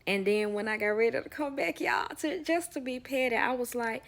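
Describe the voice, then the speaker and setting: A woman's voice: on the high side, a little fast, hardly any pauses. Sassy woman telling a storytime. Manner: animated, sassy, acts out quoted people; drops to a whisper for asides. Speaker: nanny sharing work stories. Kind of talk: casual storytime.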